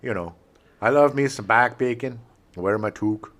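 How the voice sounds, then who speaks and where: A man's voice: medium pitch, normal speed, a bit bright. A middle-aged American man co-hosting a podcast in casual chat, joking and self-deprecating. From United States. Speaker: podcast co-host.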